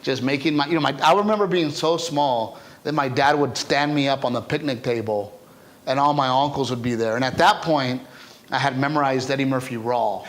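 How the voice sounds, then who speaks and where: Storytelling in an easygoing interview, the stand-up comic keeps things animated and chatty. He has a medium-pitched voice, moves fairly quickly, and often caps his remarks with "right?"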